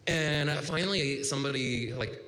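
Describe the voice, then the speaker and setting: At a story slam held in a bar, a man in his thirties rambles through a personal story, casual and full of "like." His mid-range voice sounds pushed and bright at normal speed, in a reverberant room with faint noise.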